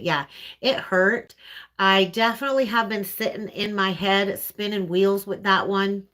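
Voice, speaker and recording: A woman's voice: mid-range voice, a little slow, a bit bright. Earnest Canadian woman reading tarot. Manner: earnest, conversational, often tags lines with "right?". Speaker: tarot reader. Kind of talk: live-streamed tarot reading.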